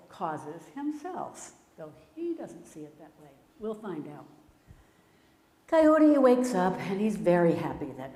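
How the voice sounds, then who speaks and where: Animated woman telling a children's story. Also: on the low side. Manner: animated, sound effects, playful. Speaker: storyteller at a congregation service. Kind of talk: children's story time narration. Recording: echoey hall with long reverb.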